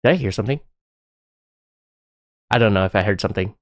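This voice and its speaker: A man giving excitable, chatty live commentary while playing a game, often breaking into laughter. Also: on the low side, quick pace, dry recording, studio quality. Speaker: live streamer.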